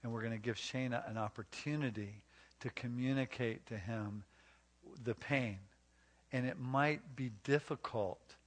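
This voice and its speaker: A man with a mid-range voice, speaking unhurriedly, gives emphatic sermon-style teaching at a marriage retreat. He also guides volunteers through role-play in front of the group.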